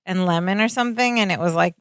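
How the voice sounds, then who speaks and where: A woman's voice: fairly low pitch, fast, a bit bright, no echo, clean studio sound. A woman co-hosting a podcast, chatting casually and recapping a sitcom with lots of "like" fillers. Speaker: podcast co-host.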